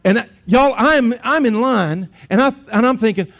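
A man's voice: very high-pitched, normal speed, a bit bright. A man, a pastor preaching a sermon in a conversational storytelling way with asides to the congregation.

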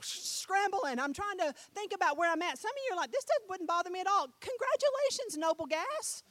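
A middle-aged woman preaching a sermon, telling a story with animated swings between loud and soft and putting questions to her listeners. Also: extremely high pitch, fairly quick, no room sound. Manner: talks with the audience, asks them questions.

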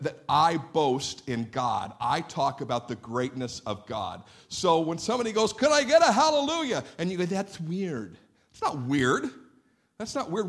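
Animated man preaching a sermon. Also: a little high. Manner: animated, conversational preaching with mock-quoted listeners. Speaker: pastor. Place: church sanctuary.

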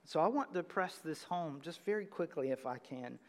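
A man preaching a sermon as pastor, earnest and building to loud emphatic peaks, speaking to a congregation. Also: a little high, lively intonation, normal speed, in a large hall, slight background noise. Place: church sanctuary.

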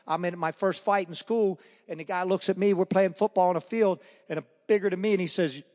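Briskly and with lively storytelling, a man whose voice sits slightly high recounts his faith testimony, imitating the people he describes. The sound carries a long hall reverb, like he's addressing a large meeting room.

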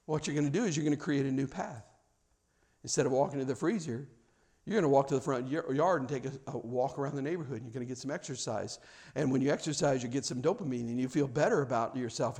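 Pastor, middle-aged man, high voice, chatty preaching that restarts often and acts out everyday scenes. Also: darkish tone. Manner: conversational preacher with frequent restarts, acting out scenes. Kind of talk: sermon.

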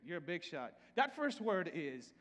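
High-voiced preacher with a Salvadoran accent. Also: male voice, sing-song, moderate pace, fairly bright tone, in a large hall. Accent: Salvadoran Spanish. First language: Spanish. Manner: repeats words often and restarts, conversational preaching. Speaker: pastor. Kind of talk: sermon.

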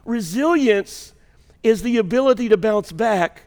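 A man preaching from the pulpit with a high-pitched voice that carries through a reverberant church hall. His delivery swings from quiet, intimate storytelling to loud, shouted emphasis. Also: moderate pace. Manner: dynamic, swings from hushed to shouting. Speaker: pastor. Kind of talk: sermon. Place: church sanctuary.

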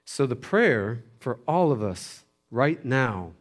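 Dramatic male preacher, loud and hushed. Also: medium pitch, sing-song, slow, few pauses. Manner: dramatic swings from loud emphasis to hushed whispers; preaches with rising intensity and repetition. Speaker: pastor. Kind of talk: sermon.

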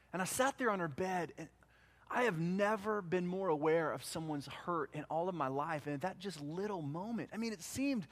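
Brief: male pastor, higher-pitched voice, dynamic sermon delivery, loud peaks and quiet drops. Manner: swings from loud emphasis to hushed, slowed phrases.

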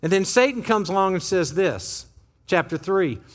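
A man preaching a sermon as pastor in a church, conversational and animated, acting out little quotes as he goes. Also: high voice, normal speed. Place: church sanctuary.

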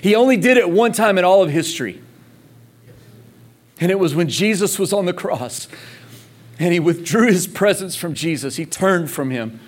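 High-voiced fervent male preacher. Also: animated, normal speed, long pauses. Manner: passionate, calls on the congregation to respond; emphatic repetition. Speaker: pastor. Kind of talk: sermon.

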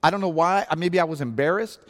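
Animated storytelling pastor, man. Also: on the high side, fast talker. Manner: animated storytelling with loud acted-out outbursts. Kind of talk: sermon. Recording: long hall reverb.

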